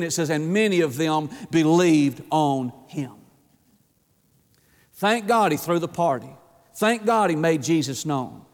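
High-voiced preacher in a reverberant hall. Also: male voice. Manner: folksy, emphatic preaching with repeated phrases and direct appeals. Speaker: pastor. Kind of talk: sermon. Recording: long reverb of a large hall.

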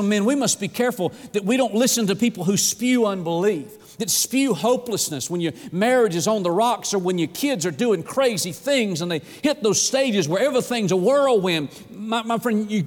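Preacher, male, high voice, dynamic delivery dropping to a hush, long hall reverb. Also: expressive, normal speed, hardly any pauses. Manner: dynamic preaching with sudden drops to a low hush. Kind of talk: sermon.

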